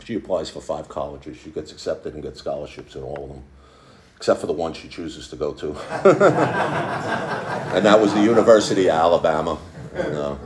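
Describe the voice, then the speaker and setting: A man in his sixties with a deep, low voice tells his story to a recovery group in a candid, plainspoken way, often stopping to restart a phrase. The sound carries a noticeable room echo. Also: background noise. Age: 60s. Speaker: speaker at a recovery meeting. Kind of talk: personal testimony to a group. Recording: echoey room.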